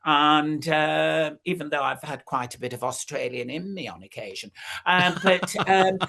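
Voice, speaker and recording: A guest in their sixties tells stories at an easy, rambling pace. The voice leaps up and drops down in pitch as the stories go on, full of ums and you-knows. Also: a little slow, vocal fry, bright, forceful tone. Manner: chatty storyteller, many fillers, big pitch swings. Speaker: guest, former recording artist. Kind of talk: anecdotal interview chat.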